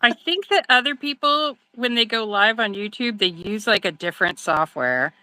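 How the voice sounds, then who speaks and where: A woman chatting casually over a video call while making resin, talking loudly and laughing easily, close to her phone mic. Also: fairly high pitch, normal speed, no room sound, low-quality recording. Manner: loud, animated, laughs easily. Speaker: guest resin maker. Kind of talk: casual live-stream chat while crafting. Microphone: phone mic on a video call, close to the face.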